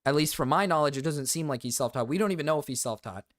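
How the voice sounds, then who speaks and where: A man's voice: a little high, animated, quick pace, no room sound, studio quality. A man streaming reaction commentary, ranting sarcastically and swearing a lot.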